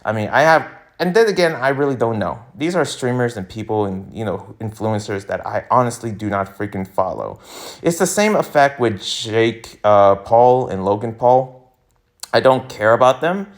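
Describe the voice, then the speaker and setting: A young man hosting a casual commentary vlog, rambling and laughing, with sudden jumps in pitch. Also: expressive, normal speed. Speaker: YouTuber host.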